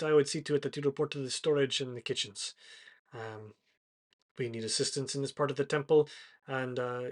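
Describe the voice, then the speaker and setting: A man voicing a stately male high priest who speaks in a formal, courteous, measured way. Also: natural voice.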